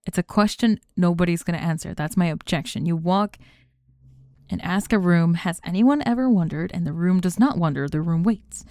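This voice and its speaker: A young woman acting a sharp-tongued, controlling student in a one-sided role-play monologue, sarcastic and exacting as she bosses her unheard partner. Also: lowish voice, moderate pace, dry recording, clean studio sound, lightly acted. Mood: lecturing. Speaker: student in a group project.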